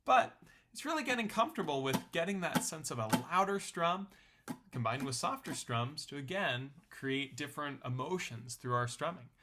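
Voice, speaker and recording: A man's voice: on the high side, expressive, normal speed, bright, forceful tone, slight background noise. A young man teaching a ukulele lesson in a friendly, explanatory way, counting beats aloud. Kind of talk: online music lesson.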